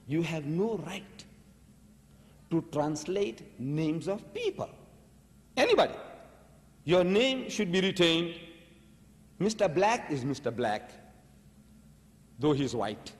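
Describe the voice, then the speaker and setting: Male preacher, argumentative and emphatic, lecturing; raised pitch, reverberant hall. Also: darkish tone. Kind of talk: religious lecture to an audience.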